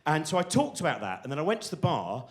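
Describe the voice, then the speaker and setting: A middle-aged comedian telling stand-up stories, excitable and acting out the voices of people in them. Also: male voice, on the high side, fast. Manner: animated, excitable, acts out voices of people in his anecdotes. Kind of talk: stand-up storytelling.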